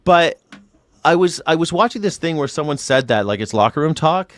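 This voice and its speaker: A man hosting a casual political chat show, rambling, sarcastic and quick to swear. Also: a little high, lively intonation. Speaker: host.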